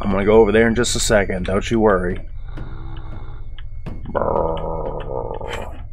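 A man giving casual, profane let's-play commentary with a rough-sounding voice, rambling and sarcastic. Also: lowish voice, steady tone, racing, slight background noise. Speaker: gaming video host.

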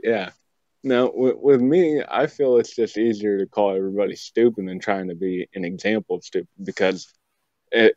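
A young man from West Virginia chats as a podcast guest, rambling and cracking jokes. His voice sits low and the sound is muffled and lo-fi. The recording is dry, with no room echo. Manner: joking, rambling, animated asides. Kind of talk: casual chat.

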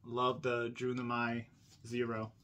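A chatty man hosting a casual indoor unboxing vlog. He rambles, laughs often, and talks straight to his viewers, with a bright, ringing voice. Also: medium pitch, completely flat delivery, takes it slowly, a little hiss or hum. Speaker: diecast collector channel host.

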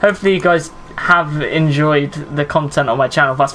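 A man's voice: on the high side, moderate pace, a bit bright, slight background noise, poor audio. A man streaming a battle royale game, chatting with viewers and commenting on his play, swearing under pressure. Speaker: gaming streamer. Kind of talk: live gameplay commentary.

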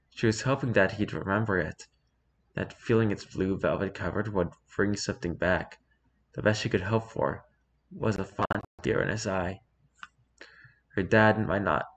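Calm, low-voiced man reading a story. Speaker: narrator.

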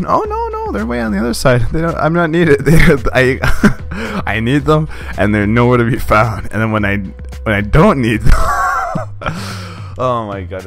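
A young man casually commenting on his own gameplay, excitable and rambling, swearing and laughing often. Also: mid-range voice.

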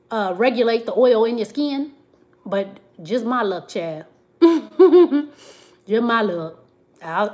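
A woman, chatting casually on a live stream, reading comments and laughing often. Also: fairly high pitch. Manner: chatty, laughs often, Southern slang like "child" and "y'all".

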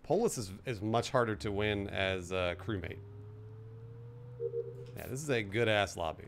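A man's voice: fairly low pitch, a little slow, a little hiss or hum. A man streaming a multiplayer game, organizing the lobby in casual chat and laughing often.

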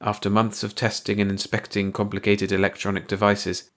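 A man reading a short story aloud as an audiobook narrator, in a measured, even storytelling delivery. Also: fairly low pitch. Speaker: audiobook reader.

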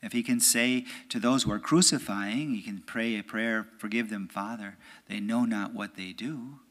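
A priest, an American man, giving a conversational homily in church. He keeps checking in with "right?" and sometimes drops to a hushed, near-whispered voice. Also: on the low side, moderate pace. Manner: conversational, often asks "right?". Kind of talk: homily at a prayer meeting.

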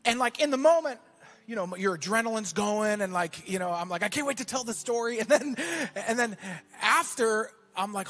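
A man preaching a sermon as pastor, telling a story and then building to shouted exhortation in a church. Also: sits high, expressive, moderate pace, faint music behind.

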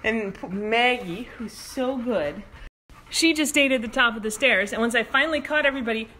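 Lively woman telling a dog story. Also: fairly high pitch, moderate pace. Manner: animated storytelling, playful asides to her dogs. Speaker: vlogger and dog owner. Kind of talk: casual storytelling to camera and dogs. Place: outdoors by the ocean.

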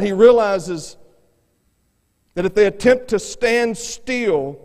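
Long reverb from the church sanctuary surrounds a man preaching a revival sermon. His voice sits high with a darkish tone, and as an earnest evangelist he tends to repeat words when starting phrases.

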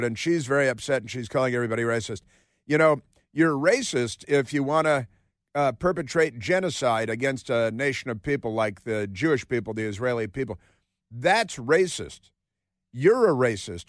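A man's voice: medium pitch, no room sound. A male talk radio host in a studio, delivering a sarcastic, rambling monologue full of filler words.

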